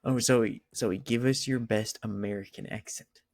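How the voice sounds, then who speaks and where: A man's voice: lowish voice, fairly even intonation, moderate pace, a little mellow, no echo, studio quality. A man in a roleplay game, pushy and joking, egging on his companions. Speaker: roleplay player. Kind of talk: in-character casual chat.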